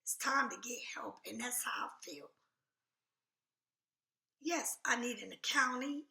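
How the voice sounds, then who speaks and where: A woman's voice: fairly high pitch, gravelly, sharp tone, echoey room. A woman doing a casual tarot reading, talking bluntly and emphatically, now and then dropping to a whisper. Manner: blunt, emphatic, repeats "do you understand". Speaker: tarot reader.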